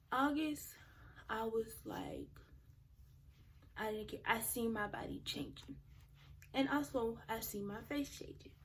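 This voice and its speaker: A teenage girl vlogging, telling her story in a chatty, animated way straight to her viewers. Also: a little high, a little hiss or hum. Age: teens. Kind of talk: casual storytime.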